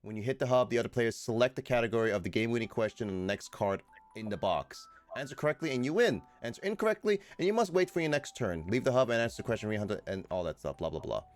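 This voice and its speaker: A man streaming a board game with friends, reading the rules aloud haltingly and breaking off mid-word to restart. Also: medium pitch, expressive.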